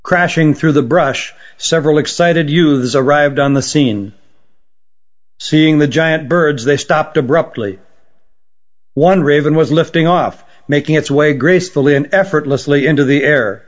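A man narrating an audiobook story at a steady, even storytelling pace. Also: a little high, a little slow. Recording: dull lo-fi recording.

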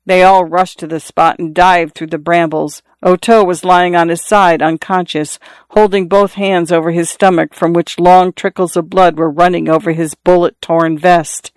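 A reader narrating a classic short story in a measured, steady way. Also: medium pitch, clean tone, no room sound. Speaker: audiobook reader.

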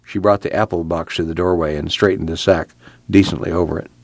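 Seorang pria membacakan narasi buku audio dengan tenang dan mantap. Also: male voice, low-pitched, fairly even intonation, a little fast, dry recording. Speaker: audiobook narrator. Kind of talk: scripted narration.

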